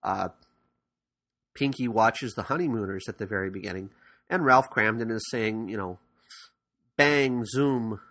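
A man's voice: lowish voice, moderate pace, long pauses, a bit bright. A man hosting a podcast in casual talk, rambling with frequent fillers and restarts. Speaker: podcast host. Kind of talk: casual podcast commentary on cartoons.

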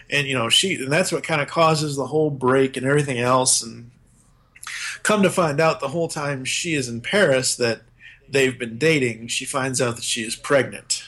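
A man's voice: mid-range voice, moderate pace, pushed and bright, breathy edge. A man on a podcast, casually recapping a film's plot with lots of fillers and restarts. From Boston area. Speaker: podcast co-host. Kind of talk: casual movie discussion.

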